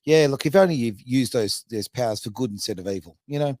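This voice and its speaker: A man's voice: medium pitch, expressive, fast, a little mellow, no echo, clean studio sound. A man, hosting a casual podcast chat, talking in a chatty, self-mocking way with lots of fillers. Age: 50s. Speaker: radio podcast host.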